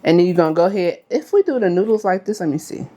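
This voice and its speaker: A woman, her voice sitting fairly low. She talks through a cooking demonstration in a loose, chatty way. She keeps checking in with her viewers. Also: lively intonation, fast talker, mellow, slight background noise. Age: 30s. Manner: chatty, addresses viewers as y'all, frequent okay. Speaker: cooking vlogger.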